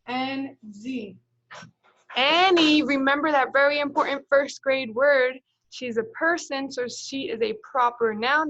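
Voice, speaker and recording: A woman's voice: high voice, fairly bright tone, highs cut off. A woman teaching kindergarten in a live online lesson, patiently sounding out words letter by letter as she models writing a sentence.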